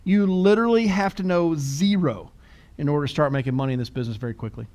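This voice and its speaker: A man's voice: fairly high pitch, fast talker, darkish tone. A middle-aged man co-hosting a podcast, chatting casually and telling self-deprecating stories with frequent laughs. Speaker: podcast co-host.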